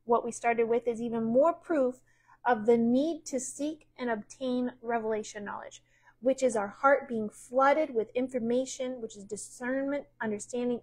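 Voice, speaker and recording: A middle-aged American woman teaches a midweek sermon. Her voice sits a little high, and she reads passages aloud before unpacking them, often restarting a phrase. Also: poor audio. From United States. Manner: reads aloud then explains with repeated restarts. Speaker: pastor. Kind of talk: sermon teaching, reading from a book.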